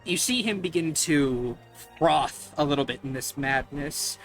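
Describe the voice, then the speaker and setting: A man narrating a tabletop game as game master, in slow, measured description. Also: a little high, soft background music.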